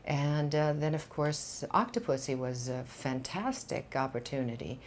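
An older woman from Sweden with a Swedish accent, a Swedish native speaking English as an actress guest in a candid studio interview, talking in a reflective, unhurried way with frequent pauses and fillers. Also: very deep voice, slight background noise.

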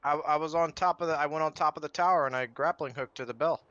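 An excitable young man chatting casually while gaming with friends, often jumping into high yelps. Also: fast. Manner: excitable, swoops into squeaky yelps. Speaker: gamer. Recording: dull lo-fi mic.

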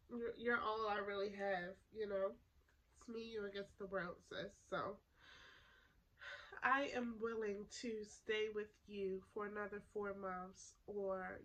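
A woman playing an emotional young woman making up with her twin, soft-spoken and hesitant with sighs, in a class role-play. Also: medium pitch, rough recording.

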